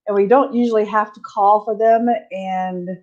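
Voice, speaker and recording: A woman's voice: mid-range voice, fairly even intonation, normal speed, darkish tone. Midwestern woman guest, matter-of-fact tone, muffled lo-fi remote audio. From American Midwest. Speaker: guest, Bigfoot researcher. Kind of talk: casual chat.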